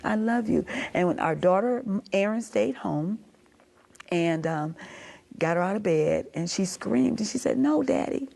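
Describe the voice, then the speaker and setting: A woman's voice: medium pitch, animated, a little slow, vocal fry, a little mellow. A middle-aged woman giving a heartfelt personal testimony as an interview guest, telling her story and acting out what others said. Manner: storytelling, acting out quoted speech; impassioned, pleading.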